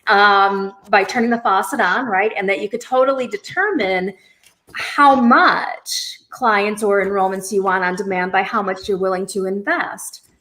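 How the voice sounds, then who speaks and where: A woman's voice: mid-range voice, normal speed, a bit bright. A woman hosting a casual chat, upbeat and affirming. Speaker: host.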